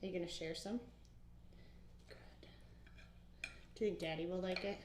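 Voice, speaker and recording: Speaking at normal speed in a fairly low, steady voice, a woman in her thirties leads a home cooking demo, patiently guiding a young child with simple questions. The kitchen recording has an echo and faint noise.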